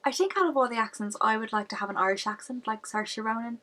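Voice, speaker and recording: A woman's voice: on the high side, lively intonation, fast, pushed and bright. A young Scottish woman vlogging from home, chatting casually with swearing and self-mocking laughs. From Scotland. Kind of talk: casual chat to camera. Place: at home during lockdown.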